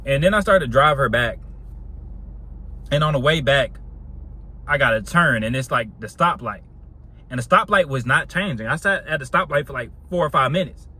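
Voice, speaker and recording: A man's voice: medium pitch, lively intonation, normal speed, pauses often, pushed and bright, breathy edge. A young man telling a casual storytime monologue in a slangy, laid-back way, laughing often.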